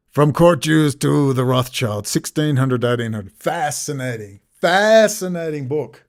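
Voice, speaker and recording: A man's voice: on the high side, animated, measured pace. A man ranting sarcastically in a rambling video commentary.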